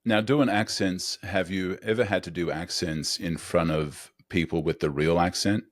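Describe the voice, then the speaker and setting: Male podcast host, light Australian accent, very deep voice, dry close sound, relaxed and agreeable. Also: dry recording. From Melbourne, Australia. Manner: relaxed, agreeable, quick to laugh along. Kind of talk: casual podcast interview.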